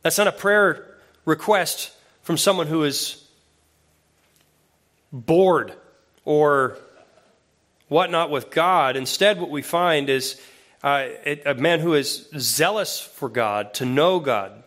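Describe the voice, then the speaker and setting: A man who is an associate pastor, preaching a sermon in a conversational way that grows lively when he quotes scripture. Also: on the high side, slow pace, long pauses.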